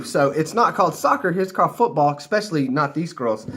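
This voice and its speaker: A man's voice: on the high side, animated, normal speed, hardly any pauses, sharp tone. An American man telling a rambling story casually to camera, loose and a few drinks in. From United States. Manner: rambling, laughing, loose and chatty. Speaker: vlogger.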